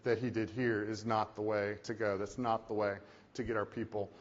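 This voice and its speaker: A man who is a company CEO giving a keynote talk in a conference hall, with animated, conversational storytelling. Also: fairly low pitch, moderate pace. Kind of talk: keynote presentation. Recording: echoey hall, dull lo-fi sound.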